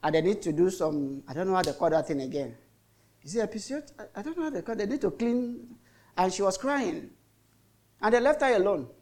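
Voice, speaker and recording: A man's voice: high voice, lively intonation, brisk, a little mellow. A middle-aged Nigerian man preaching a sermon as a pastor, telling stories in a chatty way with lots of repetition. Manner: chatty storytelling with repetitions and mock voices.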